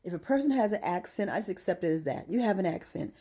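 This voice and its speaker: A middle-aged woman with a somewhat low voice rants to the camera in a casual, conversational way. She puts stress on her points and sounds exasperated as she tells her story. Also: animated, quick pace, warm tone, husky. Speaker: vlogger. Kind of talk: casual ranting monologue.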